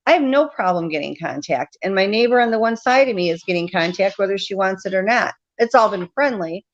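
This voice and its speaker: A woman's voice: mid-range voice, expressive, fairly quick. A woman guest chatting casually and laughing easily on a radio show, calling in by video. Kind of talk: casual chat over a video call. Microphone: video call. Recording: dull video call audio.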